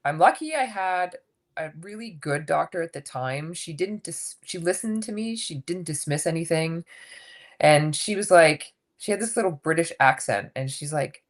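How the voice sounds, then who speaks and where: A woman in her fifties, a coach and podcast guest, telling her story in a candid, animated way and swearing casually. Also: deep voice, normal speed. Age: 50s.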